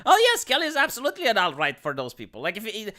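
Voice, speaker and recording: A man's voice: high voice, wildly swooping pitch, very fast, bright, forceful tone. A man from Romania doing casual commentary on a live stream, stammering through restarts and lots of filler words. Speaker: live streamer reacting to a video.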